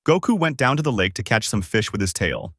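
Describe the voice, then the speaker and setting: A man narrating a fan-made anime what-if story in an animated storytelling manner. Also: lowish voice, a little fast, breathy edge, no room sound, clean studio sound.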